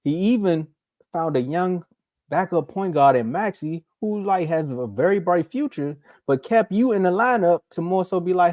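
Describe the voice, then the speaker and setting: A man hosting a casual sports talk show, animated, acting out what players might say in playful put-on voices. His voice is mellow and warm, recorded close and dry with no room sound. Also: high-pitched, moderate pace, no echo. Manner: animated, acts out quotes in mocking voices. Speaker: sports podcast host.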